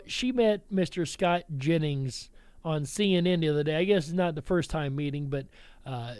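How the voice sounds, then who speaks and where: Male commentary host, high voice, combative, dry booth sound. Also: darkish tone, clear, resonant tone, no echo. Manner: blunt, combative, talks straight to listeners as folks. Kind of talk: political commentary show.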